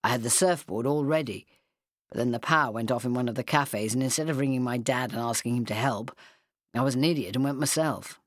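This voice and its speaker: A woman reading a story, voicing a soft, earnest young man in love. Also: a bass voice, fairly quick, no echo, studio quality.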